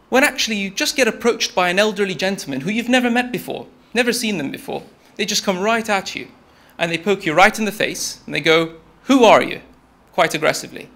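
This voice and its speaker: A young man with a noticeably high voice gives a TED-style talk. He tells a story in a relaxed, conversational way and keeps speaking straight to his listeners as "you". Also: vocal fry.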